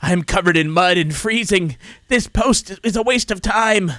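A man voicing a weary, grumbling old male watchman in a horror game, speaking slowly and low. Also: pushed and bright, no echo.

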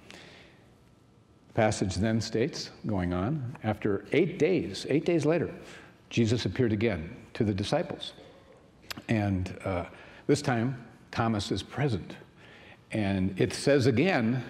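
A man's voice: lowish voice, expressive, takes it slowly, long pauses, darkish tone. A male pastor retelling a scripture story in a loose, conversational sermon, full of fillers and asides. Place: large church sanctuary. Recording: long church hall reverb.

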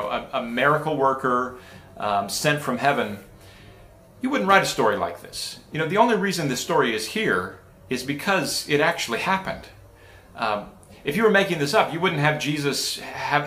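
Casual pastor preaching in an echoey church. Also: male voice, medium pitch, sharp tone. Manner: casual and talky, with many restarts and asides. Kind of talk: conversational sermon. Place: church sanctuary.

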